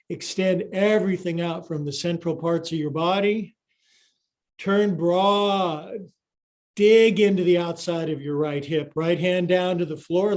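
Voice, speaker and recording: A man's voice: high-pitched, a little mellow. An older man teaching a live-streamed yoga class, giving upbeat, playful cues and counting through poses, sometimes out of breath. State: out of breath at times.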